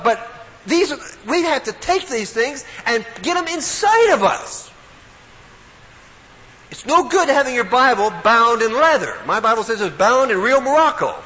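A man's voice: very high-pitched, sharp tone. A man preaching a sermon in an emphatic, storytelling way, recorded in a hall. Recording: echoey hall, faint room noise.

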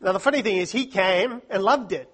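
At a Christian study week, a man gives a humorous talk to a live audience, joking at his own expense and slipping in chatty asides. His voice is high-pitched and brisk, with background noise in the recording.

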